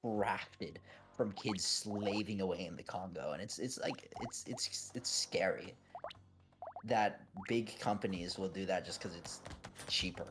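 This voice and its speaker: A man's voice: sits low, a little slow, music in the background. A teenage boy streaming a game, chatting casually and animatedly, swearing and breaking into laughs. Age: teens. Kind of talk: casual chat while gaming.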